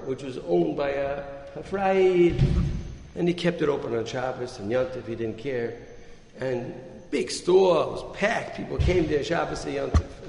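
A man's voice: a little high, vocal fry. A man giving a sermon, telling a story and acting out the quoted lines with a rising and falling voice. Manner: animated storyteller, acts out quotes with rising and dropping voice. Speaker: rabbi giving a Torah talk. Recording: echoey hall, faint noise.

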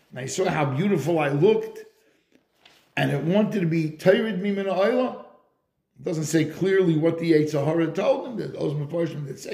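A man's voice: fairly high pitch, a little mellow, reverberant. A man giving a Torah lecture in English, weaving Hebrew and Yiddish terms into his storytelling. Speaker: Torah teacher.

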